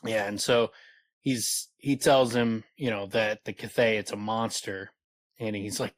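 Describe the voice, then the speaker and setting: A man with a lowish voice talks through a book on a podcast, reading passages aloud between frequent fillers. The sound is dry and close to the mic, with no room echo. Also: steady tone, moderate pace. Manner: reads passages aloud, chatty with many fillers. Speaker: podcast co-host. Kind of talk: casual book discussion.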